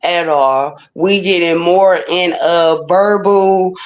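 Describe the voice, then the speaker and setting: A woman's voice: lowish voice, fairly even intonation, takes it slowly. A woman speaking as a guest in a casual talk, making her points emphatically and repeating them firmly. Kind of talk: casual conversation.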